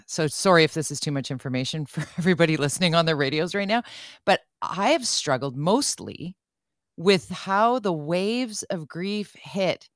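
A woman with a low voice hosts a radio talk show. She talks candidly and chattily, quick to laugh, close on a dry studio mic. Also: expressive, no echo. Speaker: radio host.

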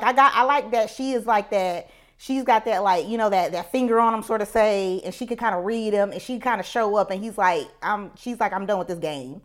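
A woman gives her opinions in quick, colloquial chat, repeating her points for emphasis. Her voice sits in a mid range and the words tumble out fast. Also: medium pitch. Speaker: podcast co-host. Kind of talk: casual chat, giving opinions.

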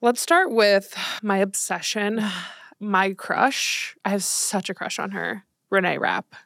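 A woman's voice: medium pitch, expressive, takes it slowly, fairly bright tone, no room sound, clean studio sound. A young woman co-hosting a podcast in casual chat, chatty and giggly, often laughing mid-sentence. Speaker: podcast co-host.

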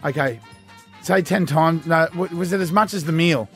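A playful man co-hosting a breakfast radio show, giggling through his stories. His voice sits high for a man, with faint music in the background. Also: moderate pace, fairly bright tone. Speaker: radio co-host.

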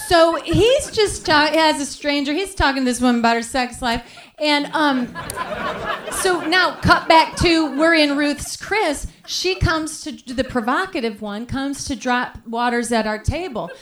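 A woman's voice: high voice, measured pace, noisy background. A woman playing a naive, self-righteous churchgoing lady, telling a story in a sweet, earnest way on a live comedy stage. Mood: chatty. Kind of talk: live comedy podcast character monologue.

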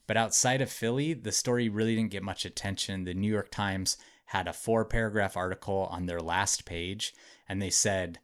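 Speaking at normal speed with a lowish voice and fairly even intonation, this man hosts a podcast. He relates a true story to his friends in relaxed, chatty storytelling, peppered with "like" and "um."

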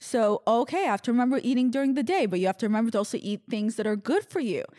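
A woman's voice: a little high, animated, racing, darkish tone, no echo, studio quality. A young adult woman hosting a podcast, chatting in a candid, rambling, self-deprecating way. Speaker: podcast host. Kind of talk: casual confessional podcast chat.

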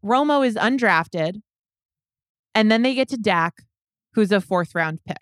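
On a sports podcast, a female co-host analytically walks through contract details step by step in a casual way. Her medium-pitched voice has lively intonation and a slightly slow pace, recorded in clean studio quality without echo.

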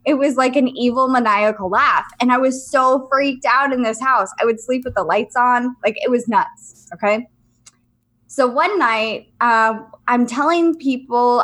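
Animated young woman telling a story. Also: on the high side. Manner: animated, laughing often, swearing. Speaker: podcast co-host. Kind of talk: casual storytelling chat.

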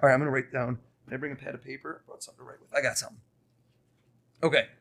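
A man who is a mentalist guest on a podcast, running a mind-reading trick with quick, insistent showman patter. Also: mid-range voice, flat delivery, vocal fry, a bit bright, slight background noise.

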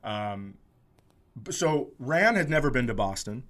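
A man's voice: mid-range voice, sing-song, unhurried, a bit bright. A middle-aged man from Minnesota co-hosting a casual comedy chat, telling a story with lots of swearing. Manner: storytelling, swearing, slips into mock accents. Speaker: podcast co-host.

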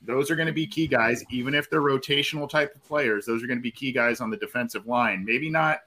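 A man on a sports podcast, giving measured, analytical breakdowns in casual chat. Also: mid-range voice, bright, forceful tone.

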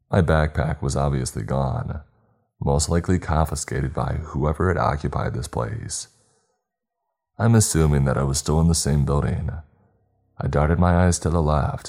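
A man reading a scripted horror story in the first person, steady and measured. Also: a bass voice, gravelly.

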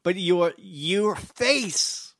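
A man's voice: high-pitched, expressive, extremely slow, a bit bright. A man co-hosting a casual podcast, bantering in a laid-back, hesitant way. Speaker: podcast co-host.

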